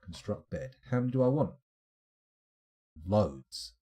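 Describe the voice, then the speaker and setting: A man's voice: mid-range voice, big pitch swings, takes it slowly, warm tone. A man streaming a game live, thinking aloud in a chatty, self-mocking way. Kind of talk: live gameplay commentary.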